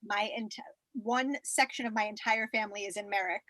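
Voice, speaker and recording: A woman guest from Florida telling wry, animated stories while recording from a closet at home. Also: medium pitch, a little fast. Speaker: podcast guest. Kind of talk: casual chat.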